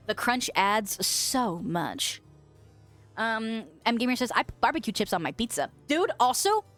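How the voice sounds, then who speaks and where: Chatty, lively-voiced young woman streamer. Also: mid-range voice. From western United States. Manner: chatty, swears freely, laughs often. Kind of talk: casual chat reading viewer comments.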